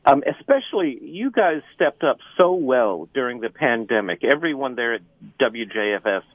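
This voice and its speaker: A man calling in to a radio station by phone, earnest and grateful, halting with ums as he urges listeners to donate. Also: mid-range voice, expressive, breathy edge, no echo. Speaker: caller. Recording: tinny phone line.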